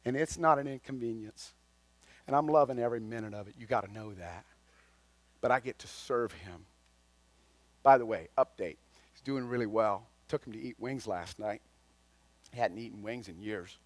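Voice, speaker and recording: A man preaching a folksy, conversational sermon, swinging between loud and quiet. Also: on the low side, moderate pace, long pauses, no room sound. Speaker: lay speaker at a chapel.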